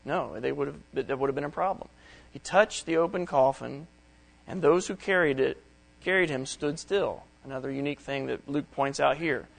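Here a middle-aged man's medium-pitched voice, touched with vocal fry, moves at normal speed through a Bible study sermon. He reads the verses and then puts them in simple terms, though the recording is poor.

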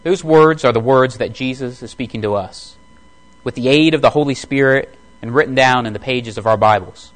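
A man preaching a sermon in a measured, deliberate way, slowly reading scripture passages aloud and explaining them. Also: medium pitch, low-quality recording. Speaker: pastor.

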